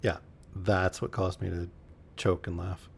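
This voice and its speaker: Low husky man reading a novel aloud. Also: monotone, a little slow. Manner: dry, joking asides between passages.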